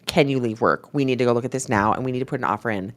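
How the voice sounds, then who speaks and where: A woman, a podcast co-host telling stories in casual chat, acting out quotes and using lots of "like". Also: very fast. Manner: animated storyteller, acts out quotes with a jumping pitch; many "like" fillers. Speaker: podcast co-host and real estate agent.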